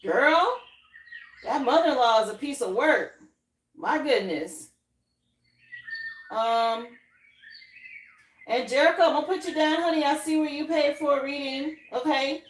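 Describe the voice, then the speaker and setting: A woman who grew up in Miami gives a live tarot reading in a high voice at normal speed, drawling casually and often asking "okay?". The room is echoey, with a little hiss or hum.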